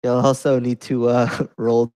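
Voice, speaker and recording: A man playing a tabletop game, calmly calling out rolls and damage. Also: medium pitch, unhurried, clear, resonant tone. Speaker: player. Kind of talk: tabletop play and dice calls.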